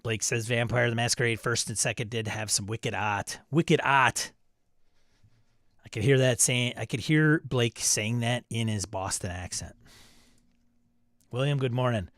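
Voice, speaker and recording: In a clean studio recording with no echo, a man hosting a live stream show casually reads out viewer messages, chuckling and riffing as he goes. He speaks at medium pitch and a moderate pace.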